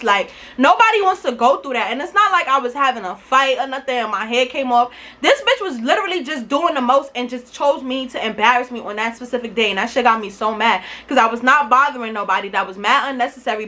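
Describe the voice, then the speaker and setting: A young woman tells a story in a high voice, animated and emphatic, swearing freely. Her tone is bright and sharp throughout, in casual storytime style. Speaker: vlogger.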